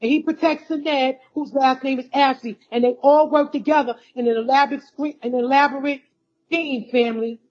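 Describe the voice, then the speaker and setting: A woman from the United States giving a heated, accusatory monologue to her followers, repeating herself and calling out to them directly. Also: high voice. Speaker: vlogger addressing followers. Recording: dull lo-fi recording.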